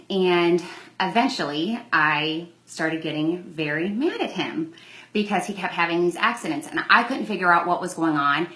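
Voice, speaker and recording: A woman's voice: fairly low pitch, sharp tone, reverberant, rough recording. A young woman telling a personal story in a candid, conversational vlog, acting out the lines in quoted exchanges. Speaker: vlogger.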